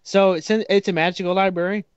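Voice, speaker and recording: A man's voice: high voice, steady tone, fast talker, clean tone, no echo, dull audio. A man, casually narrating a tabletop game as dungeon master.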